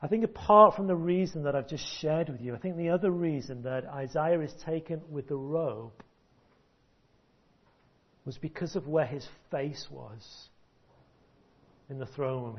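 A man preaching a sermon, emphatic and deliberate, with long pauses, repeated words and sudden hushed drops. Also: a little high, husky. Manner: drops to a hush at key points. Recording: dull lo-fi recording.

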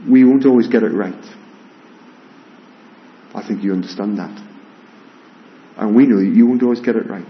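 A man's voice: lowish voice, moderate pace, long pauses, muffled recording. A man preaching a sermon as pastor, earnest, often repeating words as he starts a phrase. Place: church, with rain heard outside.

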